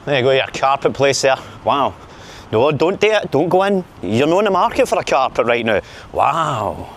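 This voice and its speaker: Strolling outdoors through city streets, a Glaswegian man vlogs with a handheld camera, chatty and joking with his viewers. He speaks at a moderate pace in a medium-pitched, sing-song, fairly bright voice, with a little hiss or hum in the audio.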